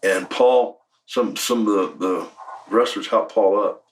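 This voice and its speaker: A man's voice: fairly low pitch, fairly even intonation, slow, distant mic, rough recording. A man in his sixties, a former wrestler, telling blunt, profane stories in an emphatic shoot interview. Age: 60s.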